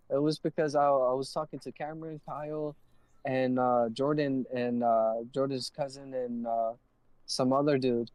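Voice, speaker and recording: A man's voice: mid-range voice, fairly even intonation, moderate pace, darkish tone, no room sound, poor audio. A young man on a live stream, telling a heated story full of swearing and acting out both sides of an argument. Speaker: livestreamer.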